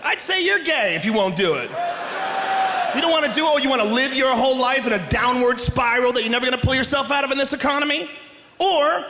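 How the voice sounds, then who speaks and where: Male stand-up comic, loud and animated, high voice; live venue with reverb and crowd noise. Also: fairly quick. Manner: loud, animated, frequently shouting. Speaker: stand-up comedian. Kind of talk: stand-up comedy set. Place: live comedy stage.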